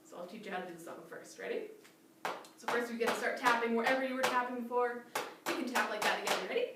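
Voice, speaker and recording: A woman's voice: on the high side, fast, heavy reverb, distant mic, very noisy. A woman, a children's librarian, leading a cheerful storytime and coaxing small children along.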